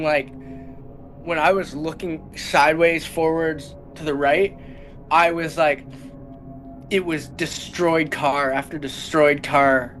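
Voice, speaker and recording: A man's voice: a little high, a bit bright. A young man telling a personal story as a podcast guest, rambling and filling his speech with "like". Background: background music.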